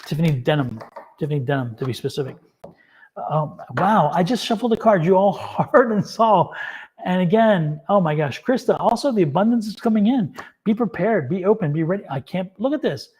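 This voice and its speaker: A man with a somewhat high voice reads tarot cards live for his viewers. He is excitable and laughs often. He cheers each person on with affirmations. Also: a little fast, breathy edge. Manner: encouraging, affirming. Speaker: tarot reader hosting a live stream. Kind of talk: live-stream tarot reading.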